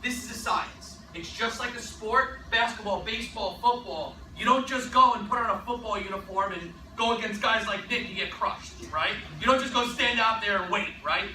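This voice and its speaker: Energetic high-voiced male sales trainer. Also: moderate pace, few pauses, echoey room, recorded from a distance, a little hiss or hum, rough recording. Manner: energetic and emphatic, with frequent rhetorical "right?". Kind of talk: motivational sales training talk.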